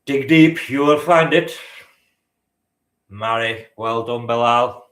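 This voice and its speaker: A man's voice: medium pitch, slow, fairly bright tone. A man hosting a live-stream quiz, bantering with the chat, teasing and swearing casually. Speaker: quiz host. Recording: roomy echo.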